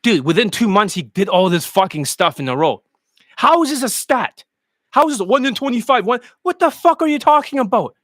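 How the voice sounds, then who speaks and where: A man's voice: high voice, very animated, brisk, fairly bright tone, no echo. A man who coaches dating, delivering a heated, mocking monologue full of swearing. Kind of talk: profane ranting monologue.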